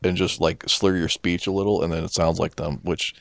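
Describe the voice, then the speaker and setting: A man co-hosting a casual movie commentary in a laid-back, deadpan, profane manner. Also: low voice, a little fast, gravelly, dry recording. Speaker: podcast co-host.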